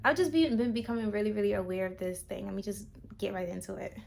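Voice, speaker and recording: A woman speaks to her channel in an unscripted, reflective ramble, circling her thoughts with fillers and restarts. Her voice has a low, gravelly creak at the ends of phrases, recorded plainly on a camera mic. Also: expressive, fast talker, a little mellow. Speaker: vlogger. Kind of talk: casual spiritual vlog talk.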